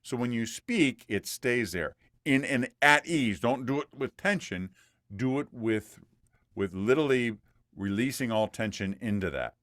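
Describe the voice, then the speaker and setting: A man's voice: medium pitch, expressive, measured pace, a bit bright, dry recording, clean studio sound. A man coaching a student through a one-on-one voice lesson, patient and demonstrative, repeating points for emphasis.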